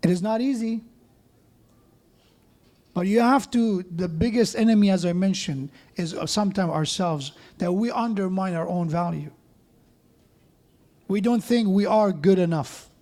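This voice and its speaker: A man delivers a sermon in a mosque. His voice sits high for a man, and he speaks earnestly and encouragingly, with some non-native phrasing. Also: measured pace, pauses often, mellow. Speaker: preacher.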